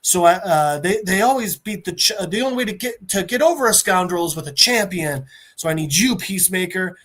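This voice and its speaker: Villainous talking brain in a jar, voiced by a man, rambling and halting; pitch swings all over. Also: lively intonation, a bit bright. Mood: explaining. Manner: rambling, explaining, hesitant monologue.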